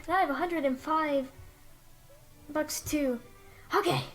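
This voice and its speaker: A woman's voice: sits high, unhurried. A woman hosting a let's-play, chatting casually and reading game text aloud in an upbeat way. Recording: faint background music.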